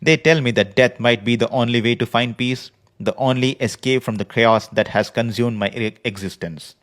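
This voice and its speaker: A man hosting a podcast, speaking in an earnest, measured personal monologue from a prepared script. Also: medium pitch, a bit bright. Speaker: podcast host. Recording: podcast voice recording.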